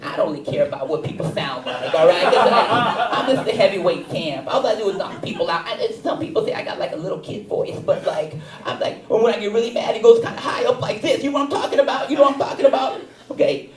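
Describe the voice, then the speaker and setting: A man's voice: brisk, slight background noise, lightly acted. A tough boxing champ with a surprisingly small, boyish voice, as a man puts him on. It climbs when he gets worked up. The sound is distant and roomy. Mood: boastful. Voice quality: high little-kid voice that climbs when mad. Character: impression of a famous heavyweight boxer, high childlike voice.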